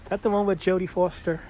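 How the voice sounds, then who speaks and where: A man's voice: high-pitched, dark tone, a little hiss or hum. A man from Brooklyn with a New York accent, hosting a live walking tour outdoors and chatting and joking with viewers as he goes. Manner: chatty, jokey, laughs often, greets viewers. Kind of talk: casual live-stream tour narration. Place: outdoors in a city park.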